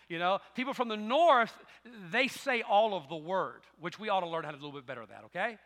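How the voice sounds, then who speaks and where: A middle-aged man with a Southern American drawl delivers a sermon, mixing folksy storytelling with bursts of emphatic preaching. His voice sits high and bright. It rings out with the long reverb of a church hall. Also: animated, quick pace, hardly any pauses. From Southern United States. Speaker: pastor.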